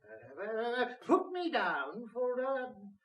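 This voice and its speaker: A man's voice: extremely high pitch, huge pitch swings, slow pace, highs cut off, exaggerated voice. A man acting a foolish servant harlequin, hesitant and flustered, in a stage comedy. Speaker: amateur stage actor. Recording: roomy stage sound from far off.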